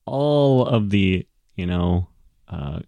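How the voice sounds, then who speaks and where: A man narrating as game master in a relaxed, rambling way, full of fillers. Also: low-pitched, drawn-out words, dry recording.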